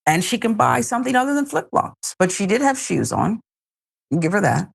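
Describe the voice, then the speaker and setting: A woman's voice: medium pitch, very animated, brisk, vocal fry, husky. A woman hosting a news talk show, giving wry, sarcastic commentary.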